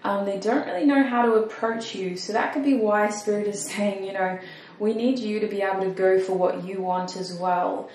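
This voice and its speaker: A woman's voice: mid-range voice, fairly even intonation, normal speed, darkish tone, distant mic. Chatty woman tarot reader, roomy echo. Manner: chatty, self-deprecating, thinks aloud. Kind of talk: casual tarot reading to camera. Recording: roomy echo, mic set back, faint noise.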